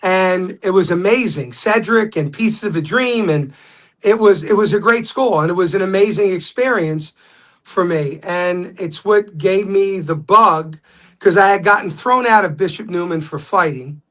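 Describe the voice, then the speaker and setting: A man, a guest telling stories in a casual interview, animated when quoting others. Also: high-pitched, normal speed.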